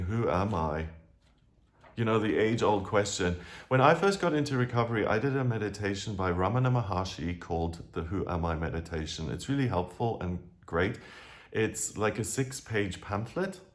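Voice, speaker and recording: A man giving a casual, chatty astrology talk, drifting into side remarks and restarting his sentences. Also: lowish voice. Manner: chatty, digressive, with frequent restarts.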